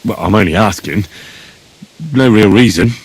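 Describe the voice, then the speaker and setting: A man's voice: lowish voice, normal speed, breathy edge, dry recording, low-quality recording. An actor playing an earnest young man in a video game who keeps asking questions. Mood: curious. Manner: inquisitive, earnest.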